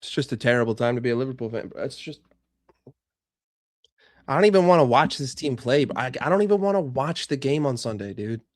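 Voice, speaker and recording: A man's voice: medium pitch, expressive, brisk, dry recording, studio quality. A young man streaming live, frustrated and swearing as he rants and answers chat about his football team. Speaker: fan channel streamer.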